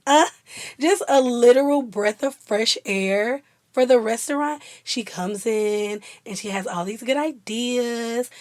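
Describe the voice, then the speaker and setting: Young woman, chatty and animated, a bit high, dry close mic. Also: no room sound. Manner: chatty, animated, laughs often. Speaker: vlogger. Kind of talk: casual chat.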